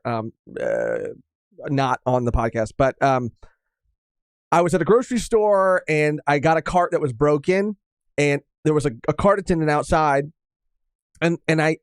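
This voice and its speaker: A man co-hosting a podcast, telling an anecdote in a calm, measured way. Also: fairly high pitch, clean tone, dry recording, clean studio sound. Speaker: podcast co-host. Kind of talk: casual storytelling.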